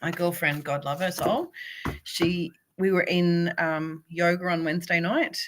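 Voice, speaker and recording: A woman with a slightly low voice reads oracle cards live as a spiritual coach. She speaks warmly and encouragingly, addressing each viewer by name. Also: fairly even intonation, unhurried, slight background noise.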